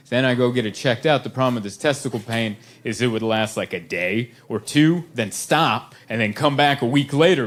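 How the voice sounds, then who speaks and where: Animated man doing stand-up in a club. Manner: animated storytelling, high-pitched voices for his wife. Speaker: stand-up comedian. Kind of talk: stand-up comedy set. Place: comedy club stage with audience laughing. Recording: live club recording with crowd noise.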